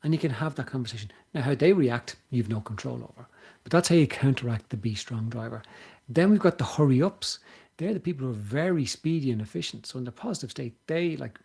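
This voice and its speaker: Irish guy on a podcast, husky voice, chatty, acts out quotes. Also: mid-range voice, animated, fairly quick, darkish tone. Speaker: podcast host. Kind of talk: casual explanatory talk.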